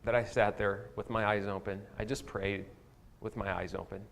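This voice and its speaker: A man's voice: lowish voice, little pitch movement, moderate pace, vocal fry, a bit bright. A man preaching a sermon as pastor, telling a candid personal story with a self-deprecating touch. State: tearful at times. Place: church sanctuary.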